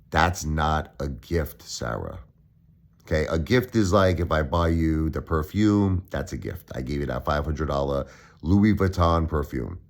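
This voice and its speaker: Older Brooklyn-raised man with a very deep voice, aggrieved and repetitive vlog monologue to camera. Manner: pleading and aggrieved, repeats phrases. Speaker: YouTuber.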